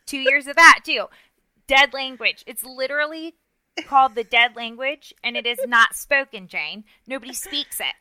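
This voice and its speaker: Bright, self-mocking chatty woman. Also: high voice, normal speed, clean tone, dry recording, low-quality recording. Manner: self-mocking, animated, many restarts and asides. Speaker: podcast co-host. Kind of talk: casual storytelling chat.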